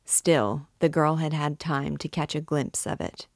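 A woman reading a classic novel aloud in a measured, expressive way. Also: sits low, vocal fry, no room sound, studio quality. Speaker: book reader and guide.

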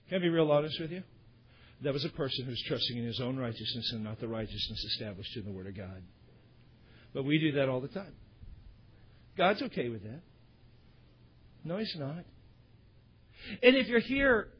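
A male pastor whose voice is husky and on the high side preaches a storytelling sermon at a church service, sprinkling in candid, conversational asides to the congregation. It is captured on a dull, lo-fi recording.

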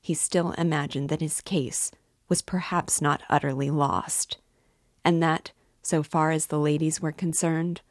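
A middle-aged woman reads a classic novel aloud in a low, unhurried voice. Her narration is measured and steady. The sound is dry and close. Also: no room sound. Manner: measured, lifts voice for quoted dialogue. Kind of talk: literary read-aloud.

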